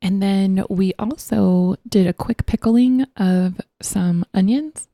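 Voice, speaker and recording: A woman co-hosting a casual podcast, explaining things in a relaxed, step-by-step way. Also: mid-range voice, slow, no echo, studio quality. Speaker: podcast co-host. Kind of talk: casual chat.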